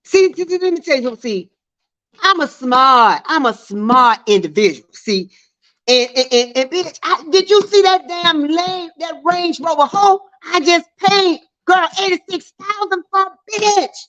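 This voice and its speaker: A woman's voice: extremely high pitch, animated, measured pace, a bit bright, full character voice. A woman voicing a brash, boastful middle-aged veteran man who scolds and brags with repetitive insults, on dull lo-fi stream audio.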